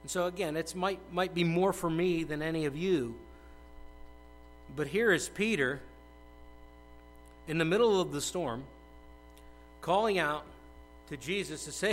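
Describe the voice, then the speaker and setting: High-voiced man preaching a conversational sermon. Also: measured pace, pauses often, rough recording. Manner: conversational, swinging from hushed asides to loud acted outbursts. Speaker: pastor.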